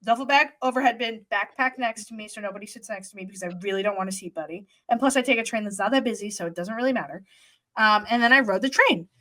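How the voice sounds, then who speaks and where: A young woman co-hosting a podcast, telling a story in casual chat, animated and swearing freely as she acts out what people said. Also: mid-range voice, quick pace, dry recording. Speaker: podcast co-host.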